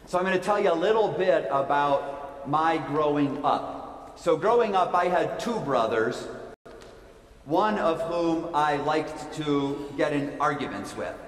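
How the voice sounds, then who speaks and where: In a church sanctuary, a pastor with a fairly high, animated voice delivers a playful children's sermon at a measured pace, peppering his young listeners with questions. The hall is echoey, with a long reverb trailing his words.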